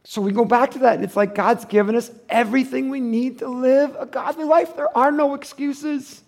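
A man's voice: very high voice, fairly even intonation, moderate pace, vocal fry, a little mellow. A middle-aged man, a pastor, giving a conversational sermon, acting out quoted voices and chuckling often.

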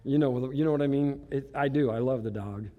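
A man's voice: medium pitch, fairly quick, narrow, tinny audio. A man giving a storytelling sermon as a pastor, chatty and self-mocking, laughing at himself.

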